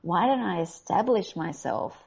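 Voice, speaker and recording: An Australian actress speaking candidly and animatedly in a casual interview, often laughing. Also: female voice, lowish voice, lively intonation, unhurried, vocal fry, a little mellow, breathy edge. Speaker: voice actor guest. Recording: dull lo-fi audio.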